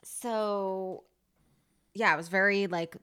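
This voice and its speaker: A woman's voice: medium pitch, takes it slowly, clean tone. A woman in her thirties co-hosting a podcast in casual chat, talking animatedly, laughing often and acting out her stories. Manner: animated, laughing, gestures with whole body. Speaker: podcast co-host.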